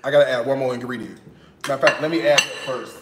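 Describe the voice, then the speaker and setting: A man's voice: mid-range voice, racing, roomy sound, very noisy. A man from Chicago, chatting playfully to viewers as he cooks in his kitchen. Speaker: home cooking vlogger. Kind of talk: casual cooking vlog chat.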